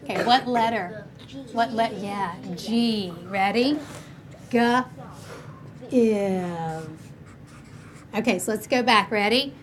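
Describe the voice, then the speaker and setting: A woman teaching a first grade class, slowly sounding out words and encouraging the children. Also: fairly high pitch, crowd noise. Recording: noisy classroom recording.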